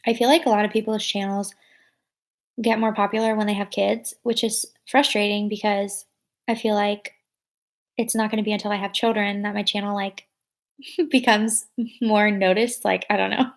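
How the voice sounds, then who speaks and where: A woman's voice: mid-range voice, little pitch movement, moderate pace. A young woman in her twenties chatting casually with her livestream viewers, full of fillers and reading out their comments. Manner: chatty, many fillers, reads out chat comments. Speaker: livestream vlogger.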